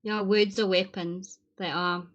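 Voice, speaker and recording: A woman's voice: mid-range voice, level tone, measured pace, dull audio. A woman hosting an interview show, chatty and opinionated, often breaking in with her own comments. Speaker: host. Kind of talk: casual interview chat.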